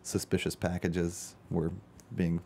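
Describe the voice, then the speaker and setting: A man's voice: deep voice, monotone, slow, vocal fry, darkish tone. A man from Chicago, an actor as a guest, chatting casually in a studio interview and telling rambling, jokey stories.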